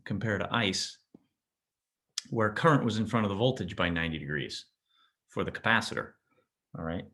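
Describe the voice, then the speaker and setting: A man's voice: on the low side, normal speed, pushed and bright. A man teaching physics in a casual classroom lecture, often restarting sentences and checking in with his students. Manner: casual, self-interrupting, checks in with "right?".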